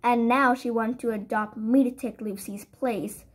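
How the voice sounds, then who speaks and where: A woman reading an audiobook, voicing a timid, tearful young orphan girl with a soft, breathless, pleading voice. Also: fairly high pitch, steady tone, unhurried. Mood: tearful, wistful. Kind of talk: audiobook character voice.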